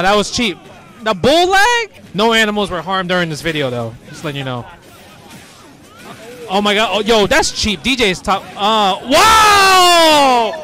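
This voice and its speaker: Male host, high bright voice, slangy excited commentary with shouts, faint music and crowd behind. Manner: hype reactions, slangy, frequent shouts. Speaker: host commentating pro players.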